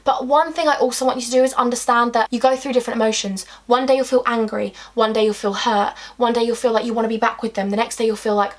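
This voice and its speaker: A woman's voice: a little high, steady tone, quick pace, hardly any pauses. A young woman, giving earnest, emotional advice straight to her viewers in a heartfelt vlog. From England. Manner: earnest, emotional and affectionate, addressing viewers directly. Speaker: YouTuber.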